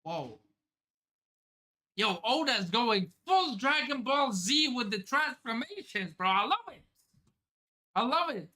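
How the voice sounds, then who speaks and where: Man, live manga reaction streamer, excitable, swears a lot, bright voice, slow drawn-out talk. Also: high voice. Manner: excitable, swears, narrates pages aloud.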